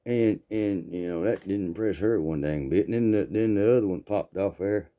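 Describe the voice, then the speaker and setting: An older man in his sixties with a Southern accent tells a funny story in casual spoken storytelling, his voice low, mellow, and moderately paced. His delivery is folksy and rambling, and he often repeats his words.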